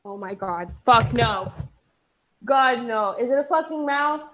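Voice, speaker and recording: A young woman with a high, bright-toned voice chatting on a podcast. She is excitable and jumpy, and she swears freely throughout the casual back-and-forth. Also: measured pace, muffled recording, slight background noise. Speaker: podcast co-host.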